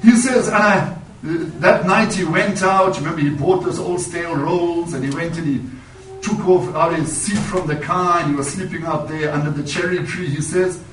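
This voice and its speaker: A man's voice: a little high, moderate pace, a little hiss or hum. A man preaching in a church, telling a personal story in a sermon and returning to "you know" as he goes. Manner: storytelling, repeats "you know", rises in emphasis. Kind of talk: sermon testimony. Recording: echoey, distant church mic.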